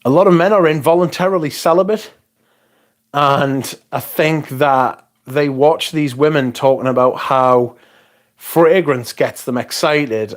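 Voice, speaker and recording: A man's voice: a little high, a little slow. A young man hosting a livestream, chatting casually, rambling and swearing as he reads comments aloud. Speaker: livestream host.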